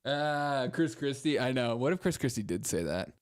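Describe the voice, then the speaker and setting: A man's voice: medium pitch, expressive, normal speed, clear, resonant tone. A man hosting a political comedy podcast, riffing sarcastically and laughing at the news. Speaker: podcast host.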